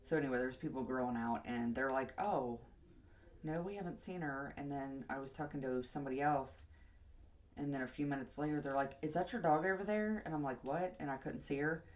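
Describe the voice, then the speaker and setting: A woman's voice: very deep voice, fairly even intonation, brisk, darkish tone. A young woman vlogger telling a long casual story while doing her hair, rambling and chatty, sometimes muttering to herself.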